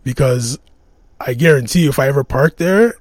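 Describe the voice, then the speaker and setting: Male podcast host, mid pitch, casual rambling storyteller, close dry mic. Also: moderate pace, a little mellow, no echo. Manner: rambling, laughs often, restarts.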